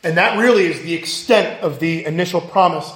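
A man's voice: on the high side, brisk, a bit bright, reverberant. A male pastor giving a sermon, earnest and emphatic, asking his listeners questions.

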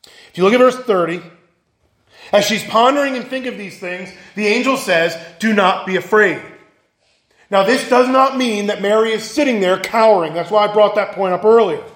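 A man's voice: high voice, brisk, a bit bright, echoey room. A male pastor giving a sermon, earnest and emphatic, asking his listeners questions.

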